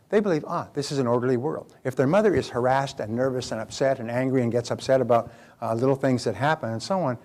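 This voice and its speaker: A man's voice: medium pitch, darkish tone. Older man, motivational speaker, seminar talk, repeats words, acts out quotes.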